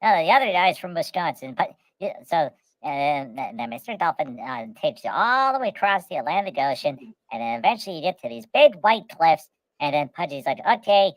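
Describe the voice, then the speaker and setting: A woman with a lowish voice spins a rambling comic travel tale, looping on repeated words and calling herself by name. Her voice sounds dry and close. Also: sing-song, brisk, no room sound. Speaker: podcast host.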